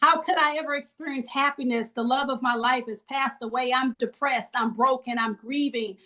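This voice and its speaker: High-voiced woman leading a grief group. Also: steady tone, moderate pace, bright, forceful tone. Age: middle-aged. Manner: call-and-response, preacherly encouragement. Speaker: grief ministry leader. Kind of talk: leading a support group on a video call. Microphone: video call.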